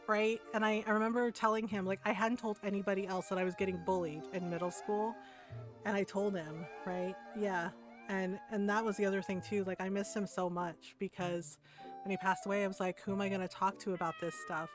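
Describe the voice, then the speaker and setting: A woman's voice: medium pitch, level tone, fairly quick. Chatty woman streamer telling stories. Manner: chatty, often adds "right?". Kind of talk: casual storytelling chat. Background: background music.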